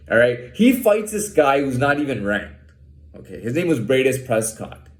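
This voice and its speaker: A man with a fairly high-pitched voice, heard with reverb, rambles through a casual monologue. He swears freely, stumbles over repeated words, and keeps restarting as he goes on aggravated rants.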